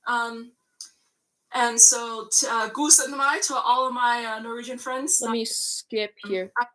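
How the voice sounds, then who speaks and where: A woman's voice: a little high, fairly even intonation, measured pace, pushed and bright. A young woman talking casually as a YouTuber, rambling with many fillers and restarts into a computer mic. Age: young adult. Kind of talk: casual chat.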